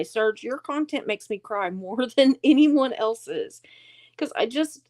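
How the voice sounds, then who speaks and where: A woman's voice: mid-range voice, a little mellow. Chatty woman hosting a livestream. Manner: chatty and rambling, reads viewer comments aloud, laughs often. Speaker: livestream host. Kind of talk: casual livestream chat.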